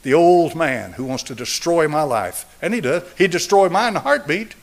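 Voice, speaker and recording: A pastor in his seventies preaches with a slightly raised voice. He hammers phrases through repetition and drops from a forceful pitch to near-hush as he pleads with the congregation. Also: animated, moderate pace. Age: 70s. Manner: emphatic, repetitive preaching cadence; swings between raised and hushed delivery. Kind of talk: sermon with altar call.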